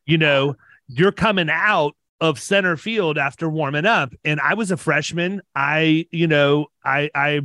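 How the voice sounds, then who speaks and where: This fairly high-pitched man, around fifty, spins casual podcast stories energetically, laughing easily and doubling back on what he says. His tone is sharp and his pace a little slow, recorded dry and close with no echo or room sound.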